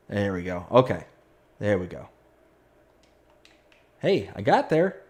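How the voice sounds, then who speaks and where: Speaking slowly in a lowish, sing-song voice with long pauses, this streamer plays a farming game live. He reads out viewer comments, chats casually, and pokes fun at himself in abrupt bursts of frustration.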